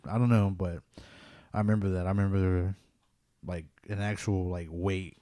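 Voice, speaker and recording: A man with a low, warm voice tells a personal ghost story in a casual, rambling way, leaning on "like" again and again. He is a podcast host in casual conversation. The recording is dry and close. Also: moderate pace, dry recording. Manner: relaxed, rambling, many "like" fillers.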